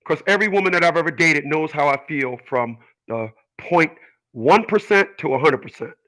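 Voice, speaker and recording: A middle-aged man delivers an emphatic personal monologue to his audience. His voice is bright and forceful, sitting a little higher than most men's. He presses his points with earnest, preachy conviction. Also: normal speed, low-quality recording. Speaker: channel host.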